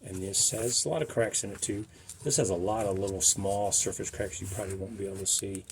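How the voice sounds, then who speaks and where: A middle-aged man with a fairly low voice talks casually through a car restoration job, rambling into asides and small self-deprecating jokes. The recording carries clear background noise from the workshop around him. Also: fairly even intonation, a little fast.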